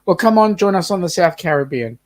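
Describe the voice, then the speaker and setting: Co-hosting a relaxed live stream, a man whose accent blends British and New Zealand reads viewer comments aloud and jokes around in a chatty way. He speaks a little fast in a high voice with lively intonation.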